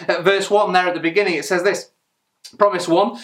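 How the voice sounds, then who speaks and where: Man preaching, fairly high voice, earnest, emphatic, rhetorical questions. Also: steady tone, a little fast, a bit bright. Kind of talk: sermon.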